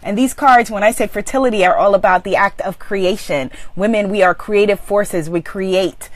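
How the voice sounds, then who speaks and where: A woman's voice: mid-range voice, expressive, moderate pace, hardly any pauses, no echo. A woman hosting a live online class, bubbly and laughing often as she greets viewers by name. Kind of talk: live-streamed casual talk. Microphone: microphone.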